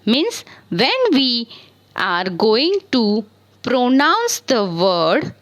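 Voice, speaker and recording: A woman's voice: fairly high pitch, wildly swooping pitch, extremely slow, low-quality recording. A woman teaching English grammar in a screen-recorded lesson. She spells words out letter by letter and asks questions that she answers herself. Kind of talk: slow spelling lesson on verbs.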